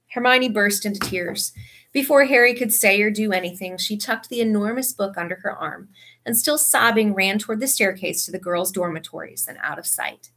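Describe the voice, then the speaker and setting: A woman reading a story aloud with expressive narration. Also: mid-range voice, moderate pace. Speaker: audiobook reader.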